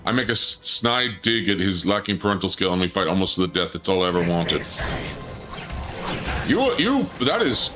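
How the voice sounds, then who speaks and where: A low-voiced man streams a video game, talking fast with hardly a pause while faint music plays behind him. He banters playfully with his viewers, reads their chat messages aloud, and now and then bursts into excited shouts in this casual let's-play session.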